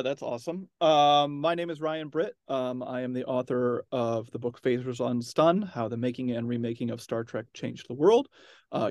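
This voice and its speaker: A man being interviewed as an author, relaxed and wry, with many ums as he talks. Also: mid-range voice, no room sound, clean studio sound. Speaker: author guest. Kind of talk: casual interview chat.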